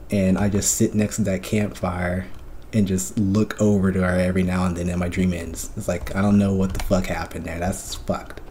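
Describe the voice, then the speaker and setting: A man's voice: low-pitched, dark tone, slight background noise. A man streamer in casual chat, recounting a dream in a profane, rambling way with lots of fillers.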